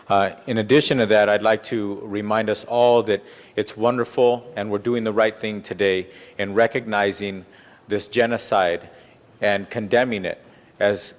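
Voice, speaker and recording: A man on a city council giving an earnest, measured speech with frequent fillers, in a large council chamber. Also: on the low side. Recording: long reverb of a council chamber.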